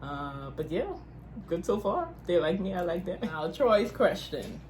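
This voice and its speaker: Woman, Bahamian accent, young adult, chatty, giggly, slightly low voice. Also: lively intonation, unhurried, darkish tone, a little hiss or hum. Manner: giggly, chatty, laughs often. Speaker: YouTube couple co-host. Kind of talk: casual couples Q&A chat.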